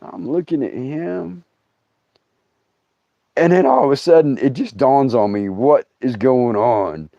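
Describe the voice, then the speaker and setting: A middle-aged man, hosting a comic storytelling livestream, laughing through his tale and breaking into loud outbursts. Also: medium pitch, takes it slowly, vocal fry, pauses often, dry recording. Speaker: comedian host. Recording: dull, dry sound.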